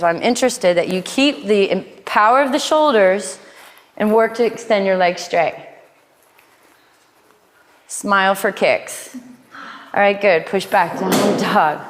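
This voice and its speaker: A woman teaching a live yoga class, cueing poses in a playful way with quick asides. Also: medium pitch. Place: yoga studio. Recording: long hall reverb in studio.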